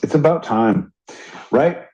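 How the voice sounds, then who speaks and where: A man's voice: a little high, lively intonation, slow, warm tone. A man co-hosting a podcast in casual chat, heated and swearing freely as he rants. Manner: heated, profane ranting. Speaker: podcast co-host. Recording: dull lo-fi audio.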